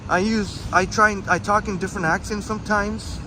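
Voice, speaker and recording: A man with a high voice strolls through a busy downtown street on a live stream, reading viewer comments aloud and answering them in an easygoing, chatty way. He laughs often. Loud traffic and city sounds fill the background of the phone recording. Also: fairly even intonation, a little fast. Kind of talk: casual walking live stream.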